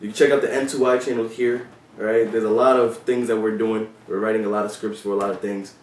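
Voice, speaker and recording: A man's voice: on the low side, level tone, quick pace, a little mellow, far from the mic, a little hiss or hum. A man who is a former police officer tells stories in a casual, loose vlog style. He swears freely and fills his talk with "you know" and "like.". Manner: loose and profane, with many fillers. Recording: roomy sound from away from the mic.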